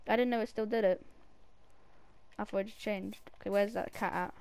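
A man's voice: high voice, unhurried, gravelly, pauses often, slight background noise. Chatty male gamer calling to a cat. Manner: chatty, bursts into excited shouts at an in-game cat. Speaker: gaming video creator. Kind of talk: casual gameplay commentary.

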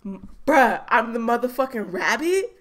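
A woman narrates her horror game playthrough in a lively, widely swinging voice, cursing and jumping at scares as she talks to her viewers. Heavy background noise and clicking sit under her speech. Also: fairly high pitch, moderate pace. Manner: jumpy, swears a lot, talks to viewers. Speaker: let's play gamer.

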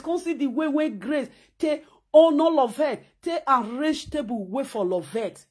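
A high-pitched woman speaking with a Nigerian Pidgin accent. She rants at the camera in a scolding, mocking, animated way. She keeps sewing as she talks. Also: measured pace, hardly any pauses. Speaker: vlogger. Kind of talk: ranting vlog commentary.

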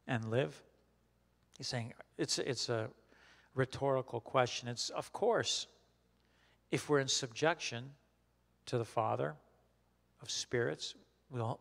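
A man leading a Bible study as a pastor, teaching in a conversational, halting way with many restarts and questions put to the group. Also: medium pitch, creaky, fairly bright tone, long reverb tail. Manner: questions the group and repeats their answers.

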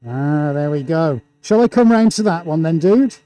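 A man's voice: fairly high pitch, lively intonation, moderate pace. Hyped man hosting an art livestream. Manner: hyped, showman-like, reading out viewer shout-outs. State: talking through a face mask. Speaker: livestream host and painter. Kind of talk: excited live-stream commentary. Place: indoor art studio.

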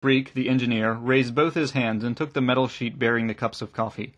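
A man narrating an audiobook with calm, measured delivery. His voice sits at a middling pitch. It carries a husky, breathy texture. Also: highs cut off.

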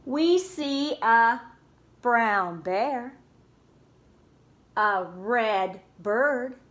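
A preschool teacher reads a picture book aloud in a slow, unhurried voice, stretching every word. Her high voice swoops up and down in a sing-song way, and she stops often for gentle questions to the children. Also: lively intonation. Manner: slow, sing-song storytime voice with playful asides.

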